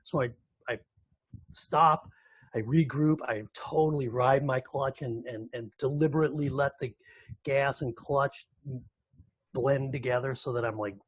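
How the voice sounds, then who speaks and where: A man in recovery shares a personal story as a podcast guest. His voice is husky, and he talks in lively bursts full of restarts and repeated words. The sound is dry with no room echo. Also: mid-range voice, a little slow.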